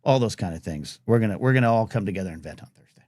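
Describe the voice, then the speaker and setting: A man's voice: fairly low pitch, expressive, very fast, a little mellow, dry recording, studio quality. A man hosting a casual live talk radio show, rambling and reading out chat comments. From United States.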